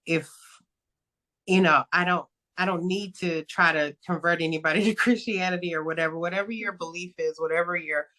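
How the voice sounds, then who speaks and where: A young adult woman talks as a guest on a casual podcast. Her voice sits a little low, and she speaks earnestly and reflectively, pausing on fillers. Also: steady tone, bright, forceful tone. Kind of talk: casual interview chat.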